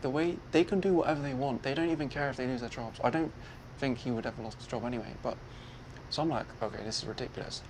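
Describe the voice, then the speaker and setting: A man's voice: fairly high pitch, darkish tone, slight background noise, poor audio. A man telling a personal story in a casual way. He acts out other people's lines as he goes. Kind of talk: casual retelling.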